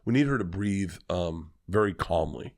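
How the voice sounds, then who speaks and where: Low-voiced man telling a story. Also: normal speed. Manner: animated, profane, fillers like "like". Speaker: comedian guest on a podcast. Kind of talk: casual storytelling.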